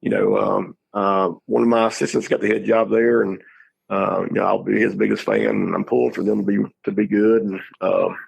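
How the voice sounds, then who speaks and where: A middle-aged man, a high school football coach telling stories in a casual interview, rambling and restarting his words. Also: flat delivery, moderate pace, creaky, husky, low-quality recording. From Georgia, USA.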